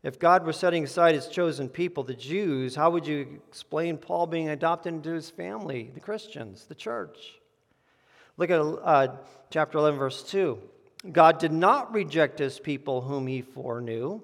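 Guy pastor giving a sermon, earnest, stumbles and repeats words, slightly high voice, echoey church. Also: normal speed, vocal fry. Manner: earnest, repeats words when starting a phrase.

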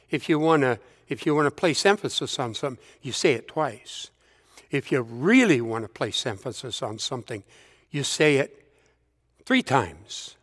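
Male preacher, high and very lively voice, slow and deliberate delivery, big hall reverb. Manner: slow, rising to emphatic lists, dropping to hushed repetition. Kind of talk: sermon.

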